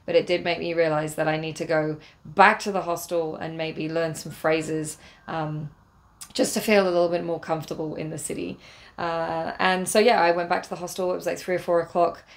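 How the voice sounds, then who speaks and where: English woman vlogger, lowish gravelly voice, rambling travel story with lots of fillers. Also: flat delivery, a little fast. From England. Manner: rambling, many fillers and restarts; spiritual, earnest. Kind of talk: casual spoken travel diary.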